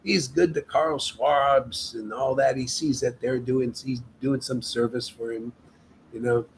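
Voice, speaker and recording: A man's voice: mid-range voice, fairly even intonation, a little slow, creaky, slight background noise, poor audio. A man leading a devotional meetup, preaching in an emphatic, casual way and often tagging his sentences with "man". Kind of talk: informal devotional sermon.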